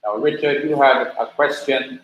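A man teaching a class, explaining slowly and patiently and repeating key points. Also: medium pitch, fairly even intonation, fairly bright tone. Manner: slow, patient explaining with repetition. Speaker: preaching school teacher. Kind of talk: classroom lecture. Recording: very echoey classroom.

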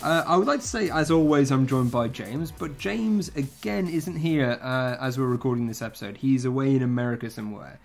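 A man's voice: mid-range voice, brisk, gravelly, hardly any pauses, soft background music. A man hosting a casual podcast chat, joking and teasing his guests. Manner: jokey, teasing. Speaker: podcast host.

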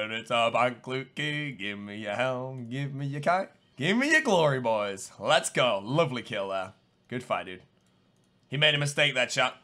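Excitable gamer, lively and gravelly. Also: male voice, mid-range voice, a little slow. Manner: excitable, swings between muttering and yelling. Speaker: gaming streamer. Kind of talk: live gameplay commentary.

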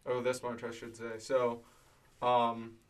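A man's voice: medium pitch, slow pace, distant mic. A man from a band telling road stories in a casual interview, laughing often as he talks. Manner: animated storyteller, laughs often. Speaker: band member. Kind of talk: casual chat. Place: band practice space.

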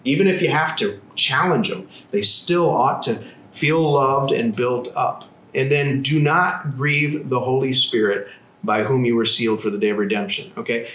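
A man's voice: mid-range voice, normal speed, fairly bright tone, a little hiss or hum. A man teaching a Bible passage as a pastor in an earnest, explanatory conversational devotional, often restarting and repeating words. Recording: echoey room.

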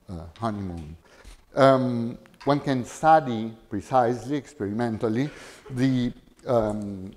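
A middle-aged man giving an academic linguistics lecture, measured and full of hesitations. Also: fairly low pitch, darkish tone. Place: lecture hall.

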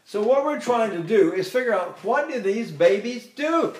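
An older man teaching singing technique, talking in an animated way, showing vocal sounds and chuckling as he explains. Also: high-pitched, normal speed, a little hiss or hum.

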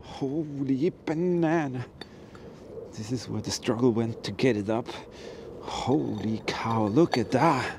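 A middle-aged man talking through a casual vlog, excited and talking to himself and to viewers, outdoors in freezing cold and later in a workshop. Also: mid-range voice, slow, creaky, noisy background. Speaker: history hunting vlogger.

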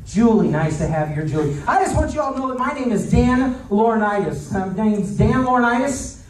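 A man acts as a stage hypnotist in a live show, teasing and directing his volunteers over and over. His pitch moves in a lively way. He is heard from a distance in a roomy, noisy hall. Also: brisk. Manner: repetitive, playful, commanding audience. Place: large venue with audience. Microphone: handheld stage microphone from afar. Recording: echoey room, distant mic, noisy.

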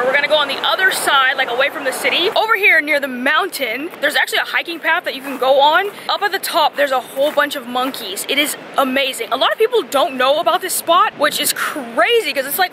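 A young woman from California, chatty and excitable, narrating a casual travel vlog outdoors into a handheld camera, full of fillers. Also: high-pitched. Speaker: travel vlogger. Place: outdoors in a busy park and street. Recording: outdoor street noise behind.

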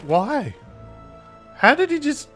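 A man giving crude, excitable commentary over a video game playthrough, taunting the characters and cheering loudly. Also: very high voice, takes it slowly, soft background music. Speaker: gameplay commentator.

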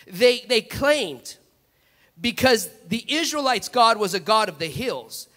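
A male preacher telling a story in an animated, repetitive way during a sermon in a large church sanctuary. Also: sits high, takes it slowly. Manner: animated storytelling, repeated restarts. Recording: long church hall reverb.

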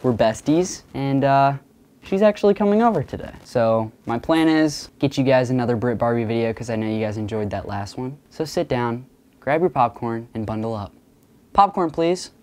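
A young man vlogging casually from his family home, excitable and quick to laugh. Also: mid-range voice. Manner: excitable, laughs often, loud bursts. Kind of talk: casual vlog chat.

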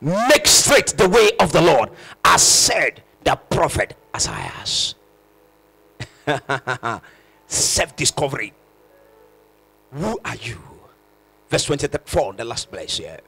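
A pastor preaching a sermon with impassioned, shouted emphasis and repeated phrases. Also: male voice, a little high, very animated, slow, vocal fry, pauses often, husky.

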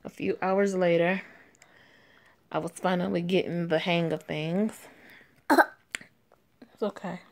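A woman's voice: on the low side, fairly even intonation, unhurried, gravelly, pauses often, darkish tone. A woman narrating a fan drama voice-over in a casual, sassy, matter-of-fact way. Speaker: narrator and lead character.

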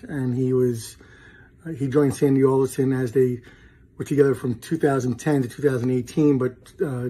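A man's voice: mid-range voice, warm tone, slightly rough. A man presenting an award over a video call, reading through a career summary with occasional fillers.

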